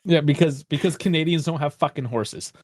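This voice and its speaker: A man co-hosting a podcast in casual chat, animated and swearing freely. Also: a little high, a little fast, dry recording, studio quality.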